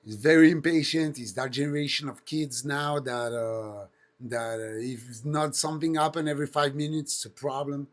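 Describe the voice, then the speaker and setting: A man's voice: mid-range voice, steady tone, moderate pace. A man in his thirties with a French accent, hosting a casual live stream and telling stories with lots of swearing and engine-noise imitations. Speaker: host.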